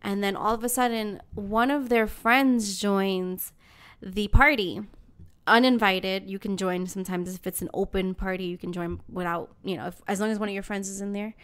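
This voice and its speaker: A woman's voice: medium pitch, fairly quick. A woman, hosting a podcast and telling a story in casual chat, ranting and swearing freely. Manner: animated ranting, swears a lot. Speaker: podcast host.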